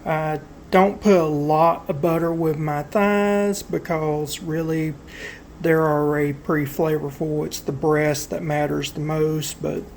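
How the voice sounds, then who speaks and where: A man with a Southern US accent, casually explaining a cook as he works, folksy and relaxed. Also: fairly high pitch, vocal fry, a little hiss or hum. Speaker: cooking vlogger. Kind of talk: casual cooking demonstration.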